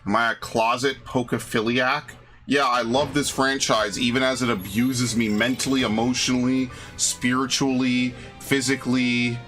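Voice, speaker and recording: Brief: young New guy streaming games, fed up and swearing, mid-pitched bright voice. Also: flat delivery, normal speed, faint music behind. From New York. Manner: exasperated, profane ranting. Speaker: game streamer. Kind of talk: live game stream commentary.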